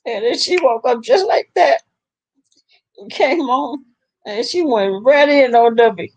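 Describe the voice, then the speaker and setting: A middle-aged woman chatting casually about online drama, animated and laughing often. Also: measured pace, dry recording, rough recording. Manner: animated, laughing often, rising into high exclaims. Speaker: livestream commentator.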